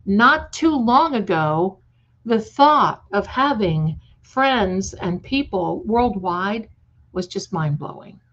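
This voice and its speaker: A woman psychic hosts a casual live stream, greeting viewers one by one with affectionate pet names. She often repeats words and restarts sentences. Her voice sits at a mid pitch, and the stream audio is slightly dull and lo-fi. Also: expressive, takes it slowly, a bit bright. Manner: affectionate, calls viewers "my darling". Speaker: psychic livestream host. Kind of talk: live-stream chat reading comments.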